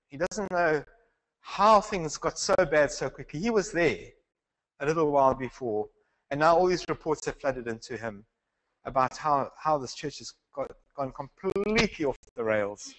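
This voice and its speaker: A man's voice: a little high, a bit bright, low-quality recording. A man teaching a Bible class in a conversational lecture style, asking the class questions and restarting his sentences. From South Africa.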